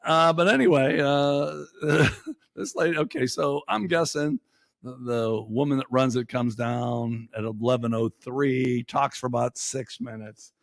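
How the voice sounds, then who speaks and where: A man's voice: medium pitch, a little slow, creaky, dry recording, clean studio sound. A man hosting a podcast, telling a crude, exasperated story in profane bar-talk style. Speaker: podcast host. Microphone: studio mic.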